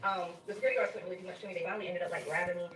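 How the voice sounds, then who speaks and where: A woman telling a personal story in an animated, conversational way, often speaking straight to her listeners. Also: fairly low pitch, rapid-fire, over a noisy crowd. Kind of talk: casual storytime narration. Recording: roomy, distant sound.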